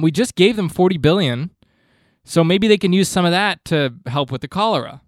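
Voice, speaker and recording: A man hosting a comedy podcast, delivering a rambling monologue in a deadpan, mock-earnest tone with frequent restarts. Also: fairly high pitch, no room sound, clean studio sound. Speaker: podcast host.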